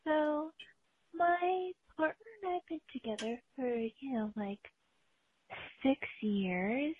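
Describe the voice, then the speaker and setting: A woman caller leaving a recorded question, talking slowly in a sultry, drawn-out way. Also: high-pitched, a little hiss or hum. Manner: slow, breathy, sultry delivery with drawn-out pauses. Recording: tinny phone-line recording.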